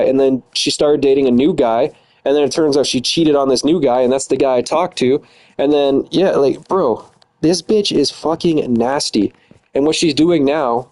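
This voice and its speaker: A man's voice: medium pitch, darkish tone, poor audio. A man in his twenties ranting angrily and profanely in a casual, bitter way. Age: 20s. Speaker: streamer. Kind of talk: angry casual rant.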